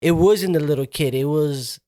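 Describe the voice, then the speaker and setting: A man's voice: fairly high pitch, moderate pace, mellow. A man co-hosting a podcast, retelling horror movie scenes in loose, profane slang and acting out the characters' lines. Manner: rambling, slangy, acts out quotes in raised voice. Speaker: podcast co-host. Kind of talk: casual profane chat.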